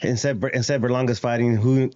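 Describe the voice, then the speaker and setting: A man co-hosting a podcast who asks questions in a relaxed, agreeable way. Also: medium pitch, fairly quick, lo-fi sound. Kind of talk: casual podcast conversation.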